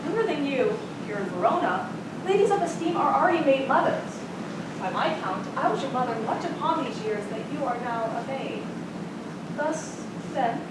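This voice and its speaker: A woman's voice: high-pitched, animated, moderate pace, far from the mic, heavy background noise. A woman playing a formal, commanding noblewoman who speaks as a mother, acting live on a theater stage. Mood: stately. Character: stately noblewoman, a young bride's mother. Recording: roomy stage sound from afar.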